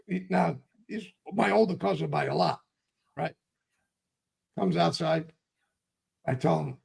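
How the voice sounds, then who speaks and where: A man's voice: fairly high pitch, moderate pace, creaky, pauses often, a little mellow. An older man, telling a long story in an interview and acting out both sides of old arguments. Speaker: interview guest.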